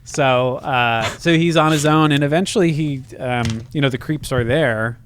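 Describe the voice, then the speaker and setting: A man's voice: medium pitch, moderate pace, a bit bright, a little hiss or hum. A man co-hosting a casual podcast, blunt and sarcastic, swearing freely as he talks. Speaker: podcast co-host. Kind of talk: casual chat.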